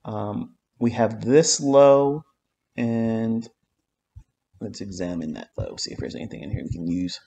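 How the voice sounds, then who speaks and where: A man's voice: on the low side, lively intonation, a little slow, vocal fry, dark tone. Blunt, profane man teaching a livestream. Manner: blunt, profane, emphatic with repeated phrases. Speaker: trading mentor. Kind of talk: live-streamed trading lesson.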